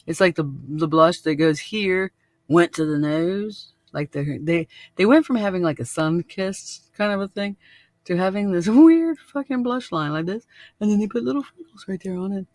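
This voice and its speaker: A man's voice: sits high, moderate pace, no room sound. A man hosting a podcast in casual chat, laid-back and laughing often, swearing freely. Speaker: podcast host.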